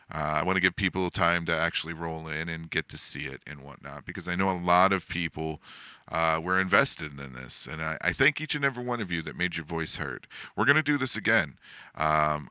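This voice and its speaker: A low-pitched man hosts a podcast in a loose, rambling chat full of fillers and casual swearing. His voice is strikingly bright and cutting, smooth and crisp, recorded dry and close with no room sound. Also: no room sound. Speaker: podcast host. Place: home setup, seated in a desk chair.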